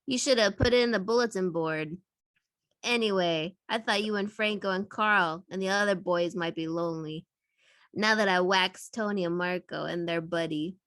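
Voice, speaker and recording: A woman's voice: mid-range voice, a bit bright, dry recording, lightly acted. A woman reading a cocky, wisecracking male cop hero in a casual script read, playful and laughing. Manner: reads playfully, laughing between lines.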